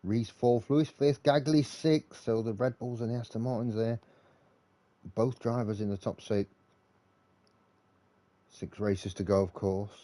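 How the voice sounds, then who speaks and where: A man commentating live on a racing league in a relaxed, chatty way, thinking aloud between updates. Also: mid-range voice, a little slow, long pauses.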